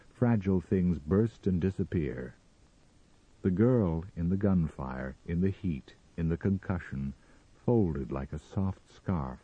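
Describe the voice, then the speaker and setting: A man narrating a story in a measured, expressive dramatic reading, on a slightly muffled recording. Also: sits low, breathy edge, dry recording.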